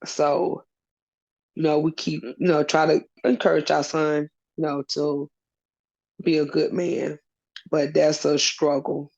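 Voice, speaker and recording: Earnest gravelly woman, rambling. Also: deep voice, flat delivery, takes it slowly, a little mellow. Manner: earnest, rambling, many fillers. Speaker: interview guest, custodial parent. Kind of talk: personal interview. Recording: dull lo-fi recording.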